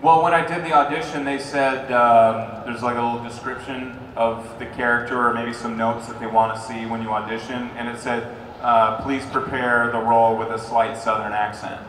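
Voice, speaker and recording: Animated man on a roomy convention stage. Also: mid-range voice, moderate pace. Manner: animated storyteller, breaks into a put-on drawl. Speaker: actor on a convention panel. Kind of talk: casual panel Q&A answers. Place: large convention hall. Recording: roomy hall, from far off, noisy crowd.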